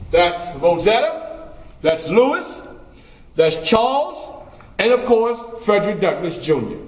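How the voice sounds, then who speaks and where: A man performing a historical figure in first person, telling his life story in a folksy way and quizzing the audience. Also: high-pitched. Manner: folksy, asks the audience questions. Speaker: historical reenactor. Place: library event room. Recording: very echoey room, faint ambience.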